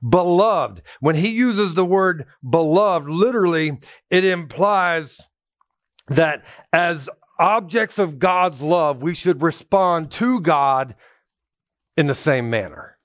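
Slow and slightly high-voiced, a pastor gives a conversational sermon in church, telling personal stories, cracking jokes, and calling out to his congregation with animation. The audio is clean studio sound without room sound.

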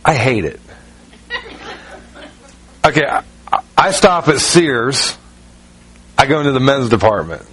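A man with a Southern US accent, from Ohio, preaching in a relaxed, folksy, self-mocking way with many fillers. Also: mid-range voice, takes it slowly, long pauses, breathy edge. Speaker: pastor. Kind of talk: conversational sermon.

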